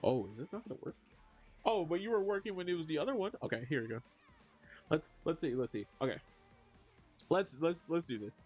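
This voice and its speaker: A man streaming casually, reading chat aloud and answering in an animated, joking way. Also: a little high, fairly quick, pauses often, dull audio, faint music behind.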